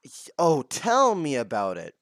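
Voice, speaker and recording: A man's voice: on the high side, huge pitch swings, measured pace, no room sound, studio quality. A young man from Texas, co-hosting a casual podcast chat in a rambling, jokey, self-interrupting way. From Texas, USA. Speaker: podcast co-host.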